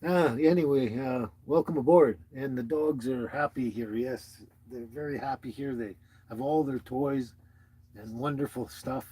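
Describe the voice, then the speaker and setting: A man's voice: medium pitch, measured pace, warm tone, husky. A man hosting a casual livestream, rambling and chuckling as he greets viewers by name and talks to his dog. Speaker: livestream host.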